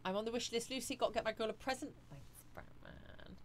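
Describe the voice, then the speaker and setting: A woman's voice: fairly high pitch, fairly even intonation, rapid-fire, a little hiss or hum. A woman hosting a live stream, chatting casually and reading viewer comments aloud.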